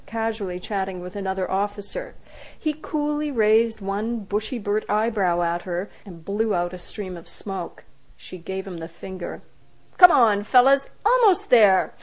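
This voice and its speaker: Woman narrator, mid pitch, wry and lively, reads her own story. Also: rough recording. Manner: animated, wry, jumps into characters' voices.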